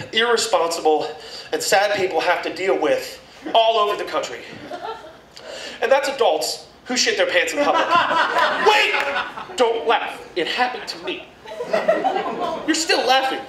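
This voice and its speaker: A man performing a crude, animated stand-up comedy set in a packed club. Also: extremely high pitch, normal speed, far from the mic. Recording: echoey room mic'd from afar, loud crowd laughter.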